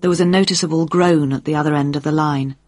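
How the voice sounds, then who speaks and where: A woman reading a story aloud as narrator, in a measured storytelling manner. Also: low-pitched, fairly even intonation, a little mellow, no echo, studio quality. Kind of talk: audiobook narration.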